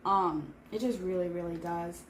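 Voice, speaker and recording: A woman's voice: lowish voice, fairly even intonation, normal speed, slight background noise. A woman in her thirties chatting casually on a vlog while eating, rambling with lots of filler words. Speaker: vlogger. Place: home in Seoul.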